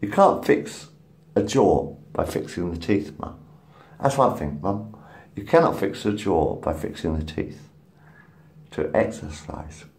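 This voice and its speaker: A man in his fifties rambling in a profane solo monologue, swinging between muttered asides and loud outbursts. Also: deep voice, expressive, a little slow. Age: 50s.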